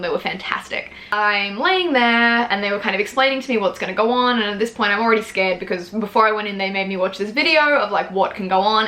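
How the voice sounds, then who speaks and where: Fast, bright-voiced chatty young woman. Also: mid-range voice. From Australia. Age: 20s. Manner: chatty, frank and swears freely, acts out her own quotes. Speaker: vlogger. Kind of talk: casual storytelling to camera.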